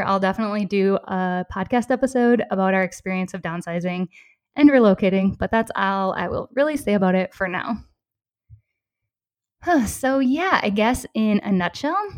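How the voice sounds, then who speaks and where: A woman's voice: medium pitch, darkish tone, no room sound, studio quality. A woman in her thirties from Minnesota with a Minnesota accent, hosting a solo podcast in a friendly, upbeat manner with small laughs between phrases. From southeastern Minnesota, US. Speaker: podcast host.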